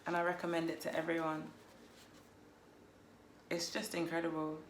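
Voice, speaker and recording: A woman's voice: deep voice, completely flat delivery, moderate pace, a little hiss or hum. Chatty woman reviewing a book. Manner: chatty, playful, laughs at herself. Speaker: book vlogger. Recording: roomy echo.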